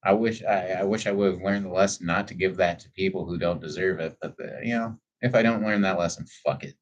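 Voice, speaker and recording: A livestreamer at home talks to his chat casually and reflectively, candid and a bit rambling, with a lot of swearing. His voice is deep and steady, a little fast, and the recording sounds lo-fi.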